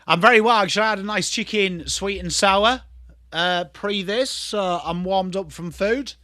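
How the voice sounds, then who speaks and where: A man's voice: high-pitched, moderate pace, pushed and bright, no room sound, clean studio sound. An English man in his thirties, host of a casual live stream, chatting loosely and swearing as he answers viewers. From England. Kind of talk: casual live watchalong chat.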